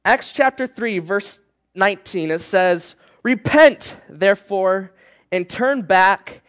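A tired young man preaching to a youth group, telling a personal story with animated swings between loud and hushed. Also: sits high, takes it slowly, smooth.

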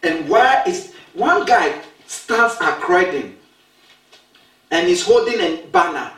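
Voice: mid-range voice, very animated, takes it slowly, a bit bright. A preacher giving an emphatic talk, asking questions and repeating key phrases, recorded from a distance in a roomy space. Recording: roomy sound from a distant mic.

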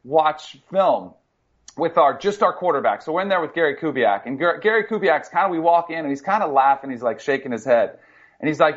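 Brief: ex-football player co-host, male, a bit high-voiced, chatty storyteller, dull muffled audio. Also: fairly quick. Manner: animated storyteller, many fillers. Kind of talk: casual sports talk.

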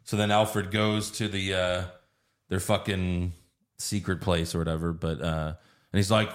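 Male podcast host, low voice, loose and profane, does silly voices when he quotes characters. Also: level tone, a little slow. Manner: swears freely, acts out quoted lines in silly voices. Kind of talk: casual movie-recap chat.

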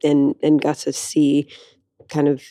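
A woman's voice: low-pitched, completely flat delivery, slow pace, mellow, no room sound, studio quality. A woman co-hosting a theater podcast in casual chat, friendly and talkative. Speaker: podcast co-host.

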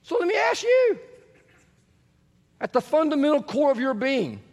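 Animated pastor with a high voice. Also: male voice, unhurried, creaky, long pauses. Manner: animated, questioning the congregation, jumps to shouts. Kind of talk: sermon. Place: church sanctuary. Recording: long church reverb.

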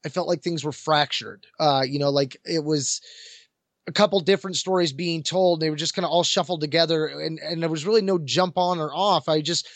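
Halting man with a slightly high voice. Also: no echo. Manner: halting, repeats words, playful. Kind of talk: casual book-review discussion.

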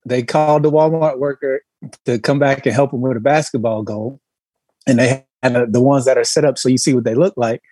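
A man's voice: mid-range voice, brisk, dry recording. A man co-hosting a podcast, telling stories and laughing often as he talks. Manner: laughing storyteller, animated. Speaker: podcast co-host. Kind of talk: casual podcast chat.

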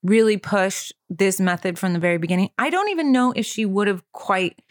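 Woman, mother, animated storyteller, casual chat, mid-pitched voice, dry close sound. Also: a little fast, dry recording. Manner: animated storyteller who acts out quotes. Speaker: parent guest.

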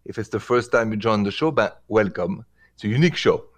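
A man's voice: lowish voice, lively intonation, fairly quick. A man with a French accent, hosting a call-in relationship advice show and mixing in French greetings. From France. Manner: friendly, mixes in French greetings. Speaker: radio advice show host.

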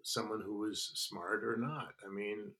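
An older man telling stories as a guest in a casual interview. His voice is bright and forward, and he talks in an animated way, restarting sentences and peppering them with "you know". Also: fairly low pitch, a little slow. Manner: animated, restarts and lots of 'you know'. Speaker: guest actor.

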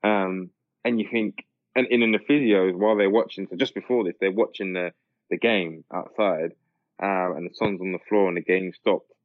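A man's voice: low-pitched, fairly even intonation, moderate pace, dry recording. A man co-hosting a podcast, chatting casually about football, rambling with lots of fillers and restarts. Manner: rambling, many fillers and restarts, laughs often. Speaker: podcast co-host. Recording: tinny phone-like line.

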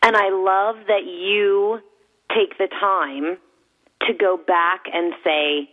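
A woman speaks as a guest in a thoughtful, reflective manner. She works her ideas out as she talks. Her voice sits at a middle pitch, and the sound is thin, like a phone line. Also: fairly even intonation, slow pace. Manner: thoughtful, reflective, often starts with "I think". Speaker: guest, works with companies and salespeople. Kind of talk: casual conversation.

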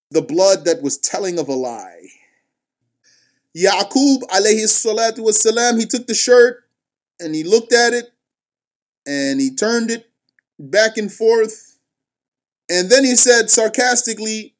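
Man retelling a religious story real slow, explains every verse, calm and deliberate. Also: high-pitched. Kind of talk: religious storytelling with scripture recitation.

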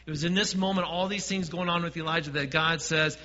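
A man preaching a sermon as pastor, dropping to quiet asides and swelling to emphatic points. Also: on the high side, steady tone, fairly quick, long reverb tail, muffled recording.

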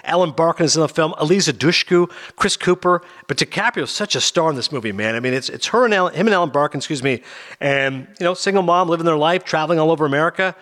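A man hosting a radio show, chatting casually and quickly about movies, rambling and animated. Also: fairly high pitch. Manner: fast, rambling, animated with impressions. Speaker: radio host. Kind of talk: casual film talk.

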